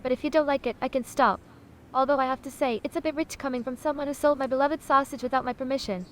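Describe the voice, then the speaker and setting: Here a woman's text-to-speech voice, high and steady, moves at a quick pace over slight background noise, lightly acted. The character is a sassy, self-important AI chatbot that refers to itself as a sausage. Expect a haughty, dramatic, condescending manner and plenty of "honey."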